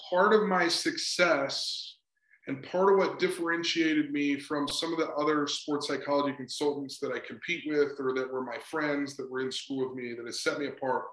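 A man's voice: mid-range voice, fairly bright tone. Earnest middle-aged man, roomy echo. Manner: earnest, repeats "right?" and "just". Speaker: sports psychology consultant. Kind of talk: casual interview talk.

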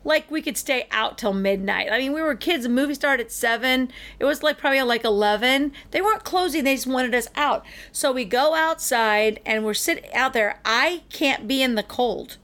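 Middle-aged woman chatting on a podcast, kinda high voice, animated storyteller. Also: moderate pace, hardly any pauses. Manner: animated, acts out the people in her stories. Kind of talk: casual storytelling chat.

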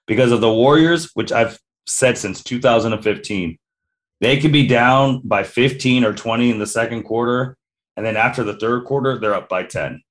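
A man co-hosting a casual sports podcast, laying out his points in a steady way. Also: medium pitch, moderate pace, rough recording. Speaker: podcast co-host.

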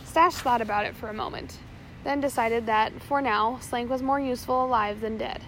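A woman narrating an audiobook chapter in a steady reading voice, with occasional small slips. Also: on the high side, normal speed, slight background noise, rough recording.

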